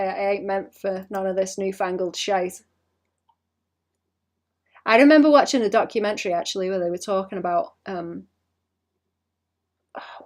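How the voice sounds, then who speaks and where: A British woman chats loosely on a live art stream, wandering from thought to thought and laughing at herself. She talks to her viewers one moment and mutters quietly over her canvas the next, in an easy mid-range voice. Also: mid-range voice. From Britain. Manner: rambling, self-mocking, often trails off to mutter. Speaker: streaming artist. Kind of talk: casual stream chat while drawing.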